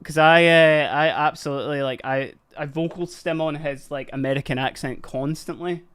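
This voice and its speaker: His voice is smooth and fairly bright, fairly high in pitch, steady in tone, and moderately paced. He's a young livestream host from Dundee, Scotland, painting miniatures while casually chatting with his stream, laughing frequently and using Scottish slang in his Dundee accent.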